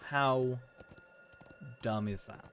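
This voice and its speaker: A man's voice: mid-range voice, fairly even intonation, drawn-out words, fairly bright tone, a little hiss or hum. A young man live-streaming a video game, chatting casually with viewers in a chatty, self-mocking way and breaking into frustrated rants. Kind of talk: casual live-stream chat while gaming.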